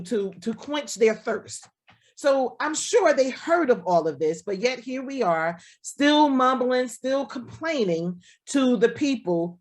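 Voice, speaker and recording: A woman pastor giving a sermon over a video call, talking in a conversational way, often checking in with "right?" and acting out the voices she quotes. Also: mid-range voice. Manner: conversational preaching, keeps asking "right?".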